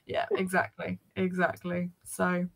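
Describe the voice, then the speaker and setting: A woman co-hosting a casual online film chat, chatty and quick to laugh. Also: fairly low pitch, completely flat delivery, vocal fry. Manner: chatty, laughs often, acts out quotes. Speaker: co-host.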